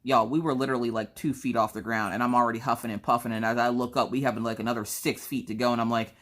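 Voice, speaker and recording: Woman, young adult, casual host at home; animated storyteller who plays her own quotes higher. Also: quick pace, few pauses. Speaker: crafting channel host.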